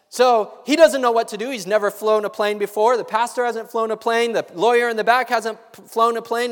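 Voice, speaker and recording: A man preaching a sermon, telling a story and acting out the voices of its people. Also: extremely high pitch. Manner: animated, acts out voices in the story. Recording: long hall reverb.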